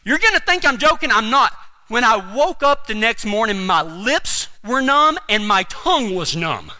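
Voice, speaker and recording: Preacher guy, high bright voice, bouncing all over, folksy and funny. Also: normal speed. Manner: animated, comic, folksy. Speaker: pastor. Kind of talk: humorous storytelling sermon.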